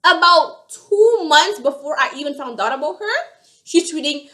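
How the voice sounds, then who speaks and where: A young woman telling a storytime vlog, animated and acting out the other voices. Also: high voice, moderate pace. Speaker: vlogger.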